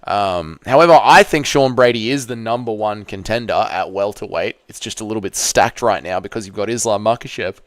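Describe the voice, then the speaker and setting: A livestream host with a fairly low voice reads out viewer comments and fires back bluntly and sarcastically, swearing freely. He talks fairly quickly with hardly any pauses. The sound is clean studio quality with no room sound.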